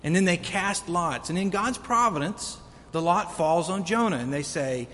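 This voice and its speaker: A man's voice: animated, normal speed, a bit bright. A man preaching a sermon earnestly, building to emphatic peaks. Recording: long reverb of a hall, faint rumble.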